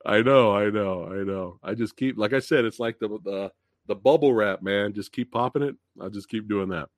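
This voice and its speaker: A man's voice: fairly low pitch, normal speed, no room sound, clean studio sound. A man hosting a live movie review stream, chatting loosely and laughing a lot as he talks to viewers. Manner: excitable, laughs often, loose chatty slang; reads out chat messages and greets viewers. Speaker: movie review show host.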